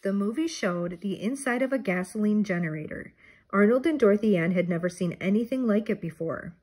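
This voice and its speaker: An older woman reading a children's storybook aloud in a steady storytelling manner. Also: medium pitch, fairly quick, breathy edge. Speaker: storybook reader. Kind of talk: children's book read-aloud.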